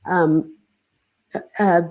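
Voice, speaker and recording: A woman's voice: fairly low pitch, fairly even intonation, extremely slow, darkish tone, poor audio. A woman hosting a casual livestream. She talks straight to her viewers in a chatty way, full of "like" fillers. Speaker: host and professor reading live chat.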